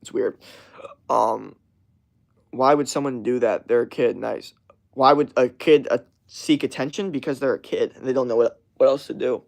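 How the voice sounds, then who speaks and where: Speaking at a moderate pace in a creaky mid-range voice, a young man in college vlogs a casual rant to camera. He rambles and swears, imitating people in mocking, whiny put-on voices.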